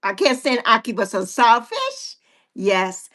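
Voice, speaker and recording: A woman's voice: on the high side, huge pitch swings, unhurried, a bit bright. A woman in her sixties hosting a casual livestream chat with viewers, playful and teasing. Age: 60s. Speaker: livestream host.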